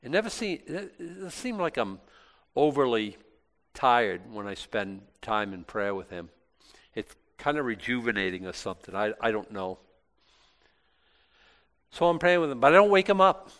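Guy preaching casually, mid-pitched voice, loose and chatty, keeps restarting. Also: animated, normal speed, long pauses, a bit bright. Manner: conversational, rambling with many restarts; self-deprecating and lightly joking. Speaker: pastor. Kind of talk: informal Bible talk.

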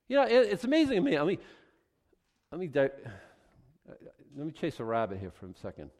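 A man preaching a sermon, acting out little scenes and swinging between loud outbursts and hushed asides. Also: on the high side, huge pitch swings, moderate pace, pauses often. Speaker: pastor.

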